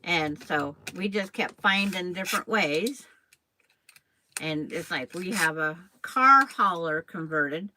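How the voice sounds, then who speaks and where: A woman's voice: on the low side, lively intonation, slow pace, bright, forceful tone, slight background noise, rough recording. An older woman hosting a quilting stream, chatting casually and rambling while she sews and talks to viewers by name. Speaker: quilting channel host. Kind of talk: casual chat while sewing on a live stream.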